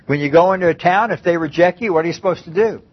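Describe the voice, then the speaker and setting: A man's voice: a little high, fast talker, slightly rough, dull audio. A man preaching a conversational Bible-teaching sermon, often repeating and restarting his phrases.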